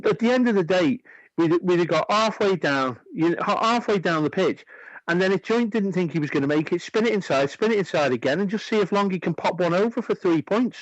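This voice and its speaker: A man's voice: high-pitched, animated, fairly quick, no echo, muffled recording. A man co-hosting a sports radio show, earnestly arguing his point with many stammering restarts. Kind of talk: casual sports chat. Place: radio studio.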